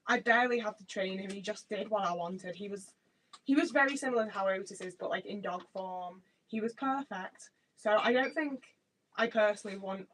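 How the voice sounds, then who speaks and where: A woman's voice: medium pitch, a little hiss or hum, low-quality recording. A young English woman from the Midlands, with a slight Liverpool twang, chatting and swearing freely with viewers while baking in her home kitchen. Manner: rambling, chatty, swears freely, self-deprecating. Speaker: livestreamer.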